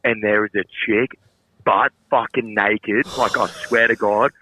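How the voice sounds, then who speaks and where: A young Australian man on a phone call, telling a story in an animated way, laughing and swearing freely. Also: fairly low pitch, unhurried, slight background noise. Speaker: podcast co-host calling in. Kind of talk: casual storytelling.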